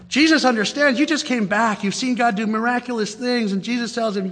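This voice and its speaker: A man preaching a sermon in a conversational, animated way, acting out the quotes he reads. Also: very high voice, brisk, hardly any pauses, long reverb tail. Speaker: pastor.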